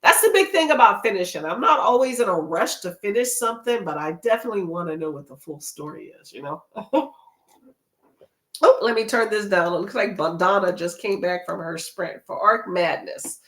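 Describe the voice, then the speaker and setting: A woman hosting a casual livestream, chatting and laughing often as she reads comments aloud. She has a runny nose and is a bit under the weather, and her voice rises and falls in a lively way. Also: mid-range voice, moderate pace. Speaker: livestream host.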